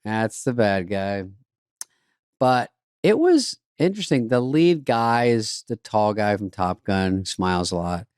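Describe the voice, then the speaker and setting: A man's voice: fairly low pitch, expressive, unhurried, darkish tone, clear, resonant tone, no room sound, clean studio sound. A man co-hosting a podcast, trading sarcastic, rambling comic riffs in casual chat. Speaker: podcast co-host.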